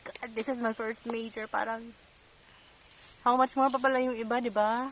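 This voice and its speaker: A woman's voice: on the high side, level tone, normal speed, slight background noise. A Filipino woman chatting casually about hiking, laughing often and mixing Tagalog and English. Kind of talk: casual chat.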